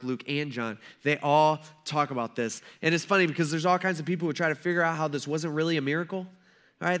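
A young man preaches in a loose, conversational way, jumping between narration and playful impressions of the people in his story. His voice sits a touch higher than most men's and swings up and down with energy. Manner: animated, acts out characters in a joking modern voice. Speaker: pastor. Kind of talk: casual sermon storytelling.

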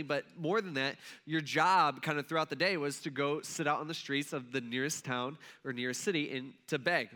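Man, high-pitched, casual Bible teacher, conversational, checks in with listeners. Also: sharp tone.

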